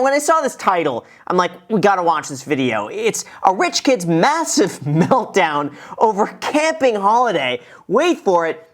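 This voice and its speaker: A man hosts a reaction show, chatting through clips with quick laughs and playful asides. His voice swings widely up and down as he riffs. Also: sits high. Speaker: show host. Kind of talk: video reaction commentary.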